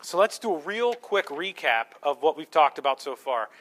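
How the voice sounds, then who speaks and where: A man's voice: fairly high pitch, very animated, normal speed, fairly bright tone. A man preaching a sermon as pastor, earnestly teaching through scripture point by point in a church.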